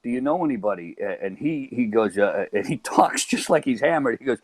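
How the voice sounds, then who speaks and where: A man with a Chicago accent, guesting on a podcast, tells a funny story in a brisk mid-range voice with almost no pauses and no room sound. He's an animated narrator who stammers, repeats himself, and acts out the voices of the people involved.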